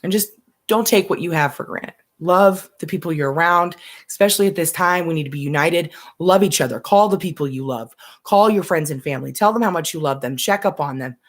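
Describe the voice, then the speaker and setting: A woman's voice: sits low, brisk. A young woman, a stay-at-home mom, ranting bluntly and passionately to live-stream viewers, swearing freely.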